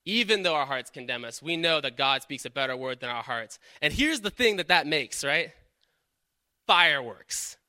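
An earnest male preacher whose voice is very bright and sits a little high. He talks through his points with questions and frequent "right?" check-ins, recorded close and dry with no room sound. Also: very animated, a little fast, few pauses, smooth, no echo. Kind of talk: sermon.

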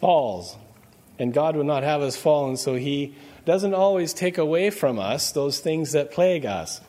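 A man's voice: fairly high pitch, lively intonation, a little slow, warm tone. A man preaching a sermon in a conversational way, quizzing his congregation with questions as he goes. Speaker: pastor.

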